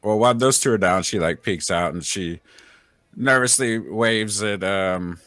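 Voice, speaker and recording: A man's voice: fairly low pitch, measured pace, fairly bright tone, dry recording. A man playing a tabletop game, chattily describing what his character does. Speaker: player.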